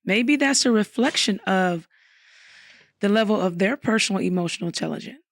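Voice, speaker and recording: A woman hosting a casual discussion, enthusiastic and quick to interject with questions. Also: medium pitch, lively intonation. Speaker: host.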